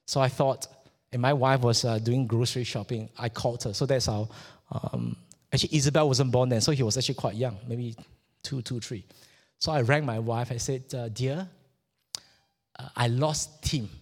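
A man's voice: mid-range voice, fairly even intonation. A middle-aged man from Malaysia preaching a sermon, telling a personal story and stumbling over repeated words as his fervor builds. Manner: halting and repetitive, rising with fervor. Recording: long hall reverb.

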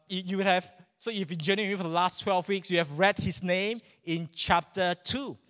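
A man preaching a sermon in church, animated and joking with the congregation. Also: sits high. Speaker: pastor.

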